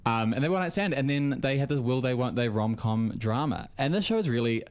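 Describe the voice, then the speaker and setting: A man's voice: mid-range voice, lively intonation, fast, smooth. A young man from New Zealand chatting enthusiastically as a podcast panelist, with lots of fillers. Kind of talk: casual chat.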